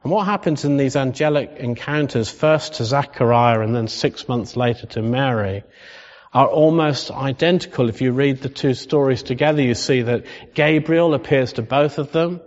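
A man preaching a sermon in a conversational style that rises into animated emphasis. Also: mid-range voice, moderate pace. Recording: dull sound with long hall reverb.

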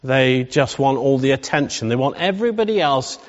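A man's voice: medium pitch, expressive, brisk. A man preaching a sermon in a humorous, conversational way, often asking the congregation questions. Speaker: pastor. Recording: dull sound with long hall reverb.

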